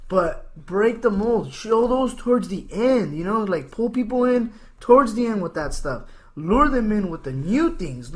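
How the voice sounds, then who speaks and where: A man hosting a casual podcast, ranting playfully and joking with his guest. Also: high-pitched. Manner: animated, ranting, jokey. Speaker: podcast host.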